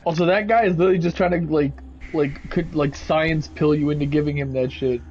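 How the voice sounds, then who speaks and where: A young man telling a rambling, animated story in a casual, swearing way while playing a game. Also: on the high side, brisk. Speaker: gaming video host. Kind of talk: casual storytelling over gameplay. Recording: slightly muffled, faint background noise.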